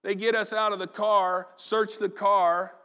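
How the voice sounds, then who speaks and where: A man preaching a sermon, telling a personal story with animated storytelling and acting out family members' voices. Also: sits high, unhurried, clear, resonant tone. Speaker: pastor.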